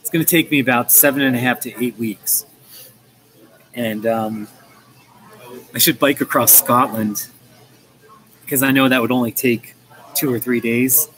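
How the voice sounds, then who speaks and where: A man's voice: medium pitch, steady tone, measured pace, long pauses, a bit bright, low-quality recording. An American man chatting casually on a livestream, rambling with lots of restarts and fillers. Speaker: livestream host. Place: coffee shop. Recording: faint café ambience.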